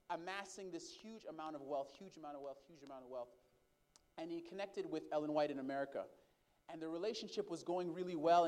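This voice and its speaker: Male preacher, high voice, storytelling sermon style, talks straight to the congregation. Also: a little mellow. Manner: addresses the congregation as brothers and sisters; calls for responses from the congregation.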